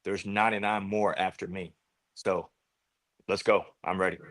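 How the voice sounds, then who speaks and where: A man speaking as a guest over a video call, earnest and halting, repeating words as he searches for what to say. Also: deep voice, little pitch movement, fairly bright tone, no echo. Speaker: guest, veteran. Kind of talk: casual conversation.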